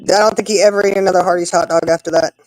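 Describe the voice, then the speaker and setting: A woman's voice: very fast, no echo, low-quality recording. Chatty woman telling stories. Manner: chatty storyteller, animated with big swings in pitch. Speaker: co-host. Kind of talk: casual chat.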